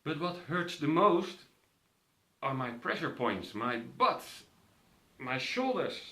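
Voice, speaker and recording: A man's voice: a little high, big pitch swings, slow, pushed and bright. A man vividly telling a personal story to an audience, acting out the voices of others. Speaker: speaker. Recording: roomy echo.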